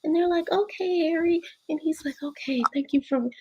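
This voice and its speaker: A woman co-hosting a casual show review, chatty and acting out quotes in soft put-on voices. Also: very high-pitched, moderate pace, lo-fi sound. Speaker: co-host.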